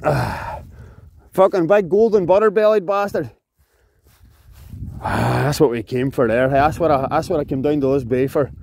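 A Scottish man fishing outdoors by a loch, giving excited, sweary commentary and shouting to a friend across the water. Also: medium pitch, moderate pace, gravelly, few pauses, husky. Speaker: fishing vlogger.

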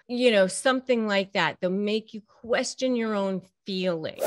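A woman's voice: medium pitch, slow, hardly any pauses, dry recording, studio quality. A woman attorney and channel host giving direct advice to camera, emphatic and repeating key phrases for stress.

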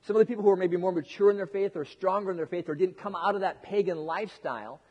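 A man's voice: high voice, fast, slightly rough, in a large hall, muffled recording. A male pastor preaching a casual, joking sermon, talking conversationally with frequent restarts.

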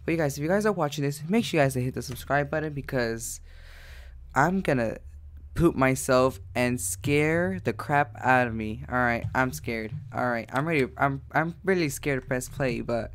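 A man's voice: medium pitch, normal speed. Jumpy young man narrating horror gameplay. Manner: jumpy, repeats frightened exclamations. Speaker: gaming YouTuber.

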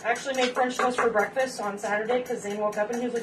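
A woman's voice: fairly high pitch, very fast, few pauses. A woman hosting a casual home cooking demonstration in her kitchen, chatty and rambling with joking asides to viewers. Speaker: cooking show host. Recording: distant mic with faint background noise.

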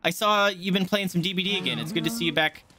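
A man live-streaming a game, chatting casually and excitably with his viewers from a home setup. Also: sits high, quick pace, slight background noise. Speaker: gaming streamer.

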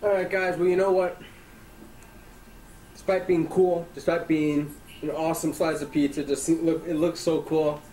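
A man's voice: fairly high pitch, flat delivery, normal speed, warm tone, roomy sound, slight background noise, low-quality recording. A man doing a food challenge on camera, hyped and joking, with playful boasting. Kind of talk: casual vlog commentary.

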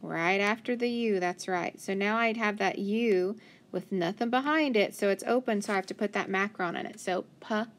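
A woman teaching a children's phonics lesson, patiently sounding out syllables and praising answers. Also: medium pitch. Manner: slow, patient, sounding words out. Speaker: reading teacher.

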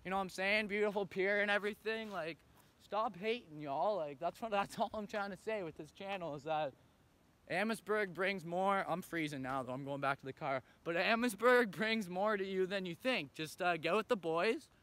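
A man's voice: sits high, normal speed, fairly bright tone. Slangy young man filming on his phone. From Canada. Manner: slangy, rambling, laid-back. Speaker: vlogger. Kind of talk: casual vlog chat. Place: outdoors and in a car. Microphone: phone camera at arm's length.

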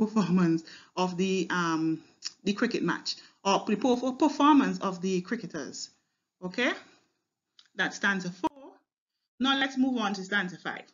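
A woman's voice: mid-range voice, highs cut off. Woman explaining a poem, thinking aloud. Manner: explanatory, repeats words with fillers and checks with "right?" and "okay?". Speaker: teacher. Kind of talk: line-by-line poetry analysis lesson.

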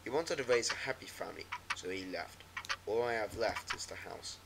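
A man voicing a paranoid, despairing middle-aged aunt in a hushed, low voice, over a noisy recording with clicks and ticking. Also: moderate pace, gravelly. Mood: fearful.

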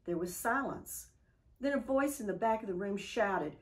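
A woman giving a church devotional, reading a story aloud in a calm, measured way. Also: mid-range voice, poor audio.

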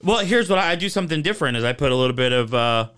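Ein Mann moderiert locker einen Podcast, albern und mit schnellen Reaktionen. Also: male voice, medium pitch, clean tone. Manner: goofy, quick reactions, lively laughter. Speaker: podcast host. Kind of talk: casual podcast chat.

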